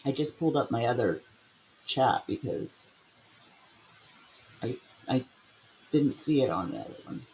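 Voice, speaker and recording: A woman's voice: rumbling low, animated, a little slow, long pauses, a little mellow, a little hiss or hum. Sarcastic woman commenting on a live stream. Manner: sarcastic asides, greets chat members.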